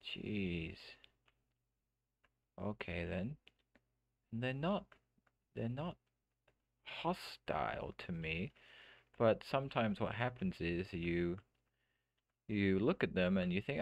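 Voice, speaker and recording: A man streaming a game live, chatting casually and thinking out loud with many restarts. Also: deep voice, expressive, slow pace, gravelly, pauses often, no echo. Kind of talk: casual let's-play commentary. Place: home streaming setup.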